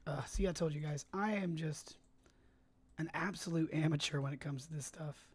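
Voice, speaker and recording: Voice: medium pitch, moderate pace, breathy edge. A livestreamer chatting casually while editing a fan film, talking around a cough drop in a rambling, hesitant way. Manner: rambling, hesitant, many fillers and restarts. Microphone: desk microphone, tested on stream.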